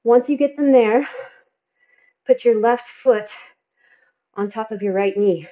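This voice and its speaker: A woman's voice: fairly high pitch, takes it slowly, mellow, highs cut off. A woman fitness instructor coaching a workout, counting reps and encouraging, sighing and a bit out of breath between exercises.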